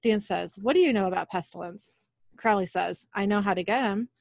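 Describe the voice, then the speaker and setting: A woman's voice: mid-range voice, a little fast, vocal fry, dry recording, clean studio sound. A woman casually retelling a TV episode, reading each character's lines in her own voice and laughing at her own slips.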